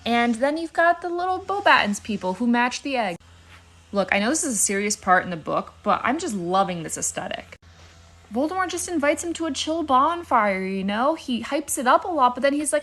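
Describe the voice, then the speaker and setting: A woman's voice: fairly high pitch, sing-song, fairly bright tone. Chatty, playful young woman. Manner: chatty and playful, quick asides. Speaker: video creator. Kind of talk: casual reaction commentary.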